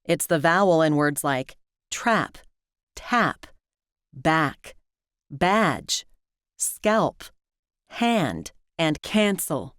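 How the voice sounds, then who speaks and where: Slow, carefully enunciating American woman teacher. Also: low voice, sing-song, a bit bright, dry recording, clean studio sound. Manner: clear, careful enunciation of example words. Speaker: pronunciation teacher. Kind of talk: scripted instructional narration.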